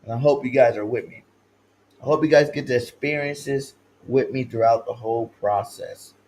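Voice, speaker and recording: A man from California hosting a livestream sports talk show, slangy and hyped, swinging between loud shouted chants and low mumbled asides. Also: moderate pace, a little hiss or hum, low-quality recording. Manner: slangy, repeats catchphrases.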